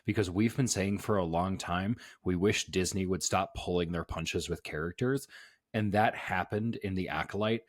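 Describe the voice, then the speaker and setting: Deep-voiced laid-back podcast man. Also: moderate pace, no echo, studio quality. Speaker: podcast co-host. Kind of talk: casual podcast chat.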